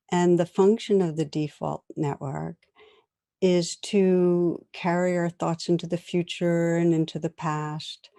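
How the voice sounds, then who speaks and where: A middle-aged woman meditation teacher giving a conversational dharma talk to a class, with gentle laughs as she tells stories. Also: on the low side, dry recording.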